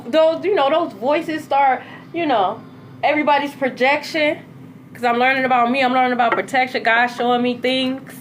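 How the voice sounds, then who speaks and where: Speaking casually and with plenty of energy, a woman creating spiritual content curses freely while her tone dips low and rises high. Some slight background noise can be heard.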